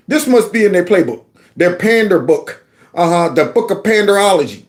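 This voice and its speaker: A man's voice: sits high, expressive, moderate pace. A man hosting his own channel, giving mocking political commentary on video clips with sudden squeals and laughs. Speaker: channel host.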